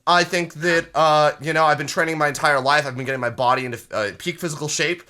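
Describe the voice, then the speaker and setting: Host of an improv game, man, bright slightly high voice, hammy and playful. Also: fast talker. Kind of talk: joking improv chat over a voice call.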